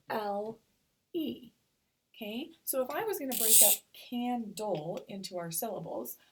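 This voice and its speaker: A woman teacher giving a recorded reading lesson to young children, slowly sounding out syllables. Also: mid-range voice, creaky, darkish tone, slightly rough. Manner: slow, stretched-out sounding of syllables.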